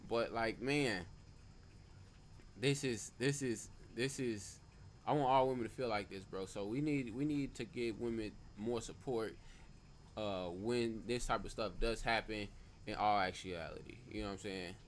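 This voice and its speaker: A man's voice: on the low side, a little slow, slight background noise. A man hosting a stream, reacting to a clip with emphatic, profane commentary that repeats phrases for stress.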